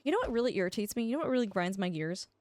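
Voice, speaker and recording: A young Canadian woman streams a game and chats casually with her viewers, answering the chat. Her medium-pitched, darkish voice is animated and rapid-fire, and she often stammers and restarts her sentences.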